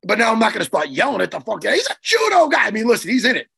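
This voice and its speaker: Animated, gravelly-voiced man telling a story. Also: high-pitched, rapid-fire. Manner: excitable, profane, repeats himself while telling a story. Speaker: podcast co-host and martial arts coach. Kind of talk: casual chat, animated storytelling.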